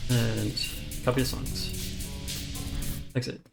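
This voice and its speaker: The tournament caster's voice is medium-pitched, flat, and creaky, and he takes things slowly. He gives chatty, frank, casual commentary on a live rhythm game event over game music, growing flustered at stream problems.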